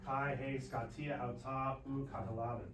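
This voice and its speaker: A man's voice: medium pitch, little pitch movement, moderate pace, fairly bright tone. A man teaching a classroom Greek review session, patient and joking, drilling pronunciation aloud. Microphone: far recording device in the room. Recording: echoey classroom from far off, faint noise.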